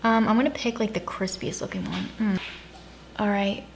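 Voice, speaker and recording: A woman's voice: mid-range voice, fairly even intonation, normal speed, vocal fry, roomy sound, noisy background. A young adult woman hosting a casual home cooking vlog, sarcastic and self-mocking as she talks through the recipe. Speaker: cooking vlogger. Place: home kitchen.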